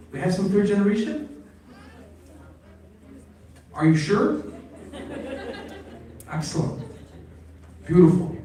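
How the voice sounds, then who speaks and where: A man giving an emphatic religious lecture to a live audience, calling out questions to the crowd. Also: sits high. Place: large hall at an Islamic center. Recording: echoey hall, voice from far off.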